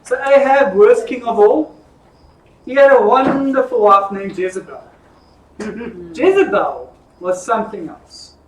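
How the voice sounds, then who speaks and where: A man teaching an informal Bible study, telling the stories in a lively, jokey way. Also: high voice, a little slow, long pauses. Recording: echoey room from far off.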